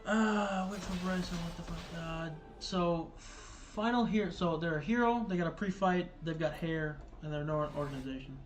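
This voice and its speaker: A man commentates his game casually, thinking aloud and cursing when things go wrong. His voice sits slightly high. Faint game music plays behind him. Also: normal speed, hardly any pauses. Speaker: gaming streamer.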